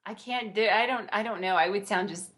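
A woman's voice: medium pitch, a little fast, a bit bright. An American woman in casual conversation, bubbly and playful, laughing often and breaking into exclamations. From United States. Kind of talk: casual chat.

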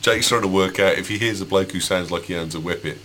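A man hosts a loose tech chat, his low voice joking and halting over fillers. A faint hum sits under the recording. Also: bright, forceful tone. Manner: joking, hesitant with many fillers. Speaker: podcast host.

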